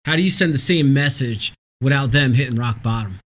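Male host, earnest follow-up questions, mid-pitch, slight stammer. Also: brisk, fairly bright tone. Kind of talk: interview questions.

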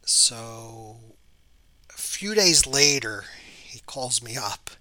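A man, a real estate agent, telling an anecdote in a chatty, halting way, often dropping to a near whisper. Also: mid-range voice, animated, sharp tone, no room sound.

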